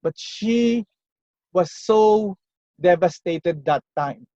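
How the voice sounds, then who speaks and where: A man giving a prepared contest speech, telling a personal story in a slow, earnest way with pauses, over a video call. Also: sits high, warm tone, no echo, lo-fi sound. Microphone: computer or phone mic on a video call.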